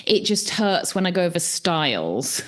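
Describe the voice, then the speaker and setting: Chatty, animated woman with a low voice. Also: moderate pace. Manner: chatty, laughs often, animated storytelling. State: slight sore throat. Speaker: podcast co-host. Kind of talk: casual chat.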